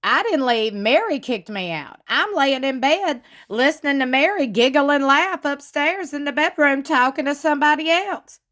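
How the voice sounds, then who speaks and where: A woman giving chatty, gossipy commentary on a reality show, retelling what was said with lively emphasis. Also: high-pitched, moderate pace, few pauses. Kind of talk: casual commentary.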